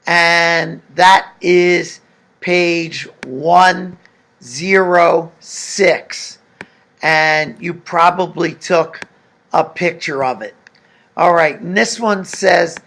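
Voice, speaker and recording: A man's voice: high voice, gravelly, a bit bright. A man teaching a recorded language lesson, patiently explaining and asking the class questions. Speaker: Spanish teacher.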